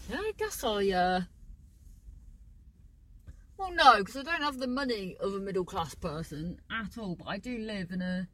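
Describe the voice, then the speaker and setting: A woman talks to the camera in loose, casual chat. She rambles, swears freely and drops thoughts halfway to start new ones. Her voice sits at an ordinary pitch for a woman. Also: lively intonation, moderate pace, pauses often, fairly bright tone, low-quality recording. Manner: rambling, chatty and sweary, trailing off mid-sentence. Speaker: vlogger.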